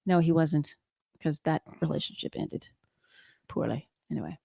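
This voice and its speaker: A woman's voice: low voice, moderate pace, vocal fry, breathy edge, no room sound, clean studio sound. A woman co-hosting a podcast, a physician who tells stories and guesses at diagnoses in casual chat. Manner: lively storyteller, guesses at diagnoses.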